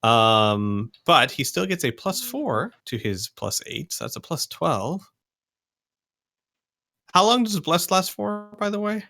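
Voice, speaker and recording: A man running a tabletop game as game master, narrating and ruling with quick, lively talk and frequent laughs. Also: fairly high pitch, vocal fry. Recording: home podcast recording.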